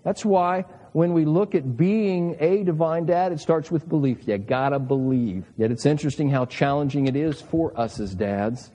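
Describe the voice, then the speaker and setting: An older man in his sixties delivering a sermon, earnest and emphatic, fond of rhetorical questions. His voice sits a touch high for a man yet sounds mellow and warm. It rings out with a long reverb, as in a big church hall. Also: normal speed, hardly any pauses. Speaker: preacher.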